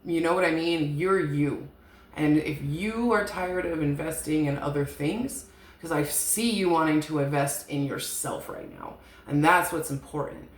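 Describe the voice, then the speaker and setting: A woman's voice: low-pitched, big pitch swings, unhurried. A woman giving a casual, rambling tarot reading, frank and chatty, swearing now and then. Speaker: tarot reader. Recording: echoey room with faint hiss.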